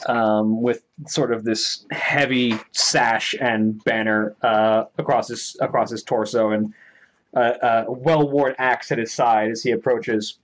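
A man's voice: medium pitch, steady tone, takes it slowly. A man narrating a tabletop game as game master, hesitant, with many filler words.

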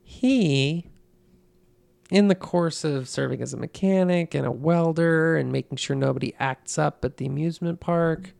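Gravelly creaky woman telling a wild story to her friends, folksy drawl, swears a lot. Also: sits low, normal speed, a little mellow. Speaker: podcast storyteller. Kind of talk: casual storytelling chat.

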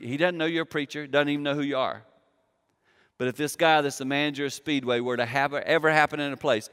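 A man's voice: medium pitch, fairly bright tone, clear, resonant tone, in a large hall. A man giving a sermon as a pastor, telling a personal story in a conversational way and acting out the dialogue. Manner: conversational, acts out quoted dialogue.

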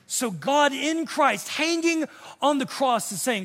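A pastor around fifty preaching a sermon in a church sanctuary, impassioned, swinging from hushed to shouting and acting out the voices of others. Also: male voice, very high-pitched, lively intonation, takes it slowly, long reverb tail. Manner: acts out quoted voices of others.

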